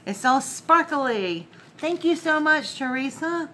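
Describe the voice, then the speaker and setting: A woman hosting a casual crafting vlog, gushing warmly and laughing as she opens mail. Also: high-pitched, lively intonation, takes it slowly, slight background noise. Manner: effusive, gushing, laughs often. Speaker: crafting channel host.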